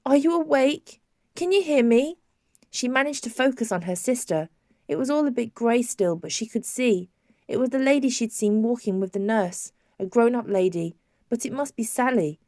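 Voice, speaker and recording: A woman reading a novel aloud in a measured, even storytelling manner. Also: a little high, dry recording, studio quality. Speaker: audiobook narrator. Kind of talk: scripted narration.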